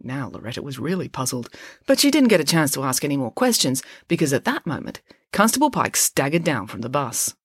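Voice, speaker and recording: Husky, expressive woman storyteller. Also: very deep voice, a little fast, no echo, clean studio sound. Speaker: author and narrator. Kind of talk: audiobook-style story reading.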